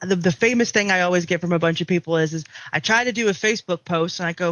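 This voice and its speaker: A woman guest on a casual podcast, an AI marketing coach explaining with animated enthusiasm and repeated phrases. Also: fairly low pitch, fast talker, few pauses, no room sound.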